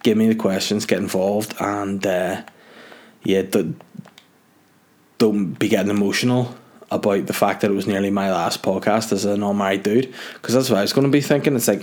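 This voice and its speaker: A man's voice: fairly low pitch, level tone, moderate pace, a little mellow. A young man with a Northern Irish accent hosting his podcast, rambling and joking at his own expense in casual chat. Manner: rambling, jokey, self-mocking. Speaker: podcast host.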